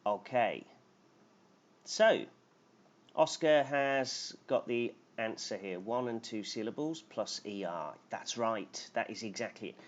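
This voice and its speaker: A man's voice: on the low side, slow. A man teaching English grammar on a live stream, explaining patiently and reading out names from the chat. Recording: dull lo-fi stream audio with faint noise.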